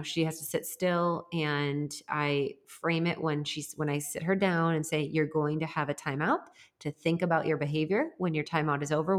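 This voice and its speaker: A woman and mother chatting casually, telling a long, earnest story in a reflective, rambling way. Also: sits low. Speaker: podcast co-host and mother. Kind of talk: casual chat.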